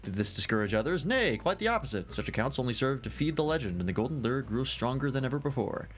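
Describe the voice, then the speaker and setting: A man's voice: medium pitch, sing-song, quick pace, a little hiss or hum, voice pushed up, lightly acted. A man reading game dialogue aloud in character, voicing a jovial, long-winded male scholar fond of drink, in a grandiloquent, theatrical storytelling manner. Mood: conspiratorial.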